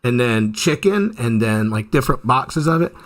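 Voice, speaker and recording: A man's voice: medium pitch, animated, normal speed. A man with a Southern US accent hosting a casual chat show, telling stories animatedly and laughing often. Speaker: show host.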